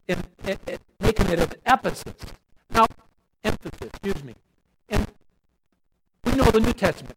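A man preaching a sermon, swinging between loud emphatic repetition and low quiet asides. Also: noisy background.

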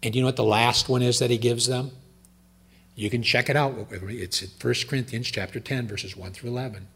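Older male preacher, husky voice, shifts from loud emphatic delivery to quiet low asides. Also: fairly even intonation, a little fast. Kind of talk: sermon.

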